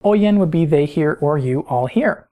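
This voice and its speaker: A woman's voice: deep voice, expressive, unhurried, mellow. A woman teaching a recorded grammar lesson, patient and explanatory, often putting questions to the listener. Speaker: Spanish teacher.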